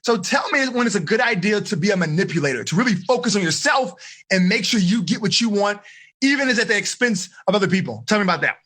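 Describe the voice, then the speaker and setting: A middle-aged man, a teen life coach, teaching a live online seminar in an energetic, questioning way. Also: high-pitched, fast, slightly rough. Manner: energetic, asks questions, coaxing.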